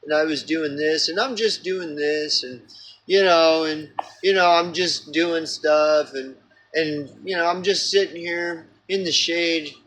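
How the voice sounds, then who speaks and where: Oklahoma man vlogging a rambling, exasperated rant; slightly high, tense and forceful. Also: steady tone, a little slow, poor audio. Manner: exasperated, profane, full of fillers and restarts.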